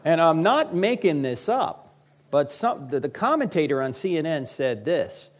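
A man's voice: a little high, normal speed, slight background noise. A man in his fifties giving a humorous talk to a live audience. He addresses the crowd directly and acts out the voices of people in his stories. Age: 50s. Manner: animated storyteller who acts out quoted voices. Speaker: public speaker.

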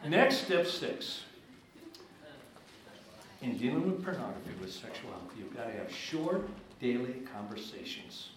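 A man giving a church seminar talk, telling stories with animated, emphatic swings into high excited tones. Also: a little slow, long pauses. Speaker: guest speaker at church seminars. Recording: very echoey hall with faint room noise.

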